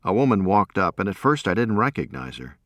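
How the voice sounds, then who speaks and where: Low-voiced man narrating a story. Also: very animated, brisk, dry recording, studio quality. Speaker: audiobook narrator. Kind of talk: first-person audiobook narration.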